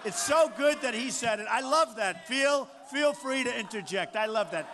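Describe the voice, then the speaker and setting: A boastful man in his sixties works a campaign rally from the podium, circling back to the same points again and again. His voice sits rather high for a man. A long hall reverb trails each phrase, over a faint hum of the crowd. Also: expressive, moderate pace. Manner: boastful, repetitive, riffing off the crowd. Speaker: political candidate. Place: large rally venue.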